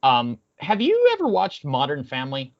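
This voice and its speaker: A man's voice: fairly high pitch, wildly swooping pitch, normal speed. A man chatting casually on a podcast, rambling with many fillers and restarts. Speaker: podcast co-host. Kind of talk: casual chat. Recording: muffled lo-fi audio.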